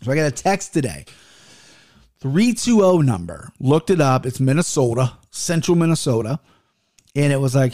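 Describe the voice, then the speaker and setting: A man's voice: medium pitch, sing-song, normal speed, dark tone. A man in his thirties hosting a podcast, telling stories in a loose, rambling and profane way, with frequent restarts. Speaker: podcast host. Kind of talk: casual rambling podcast storytelling.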